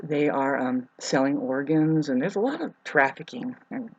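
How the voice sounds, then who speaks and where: A woman's voice: sits low, expressive, moderate pace, breathy edge, lo-fi sound. A woman in a rambling, profane monologue, half-rhyming and sarcastic, with many ums.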